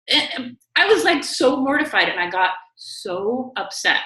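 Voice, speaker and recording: A woman co-hosting a casual talk show, telling a story in a lively, quick way with lots of "like" and "you know". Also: fairly high pitch. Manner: animated, quick storytelling with many likes and you knows. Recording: echoey room.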